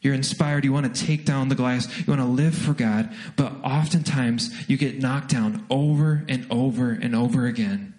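A young adult man preaching a sermon, telling a story with lively, self-deprecating acted asides. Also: medium pitch, normal speed, few pauses. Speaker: pastor.

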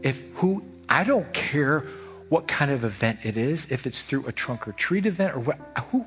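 A man preaching a sermon as pastor, telling a story with lively, animated delivery and repeating phrases for emphasis. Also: normal speed. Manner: animated storytelling, rising high when excited. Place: church sanctuary. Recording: long church reverb with soft music behind.

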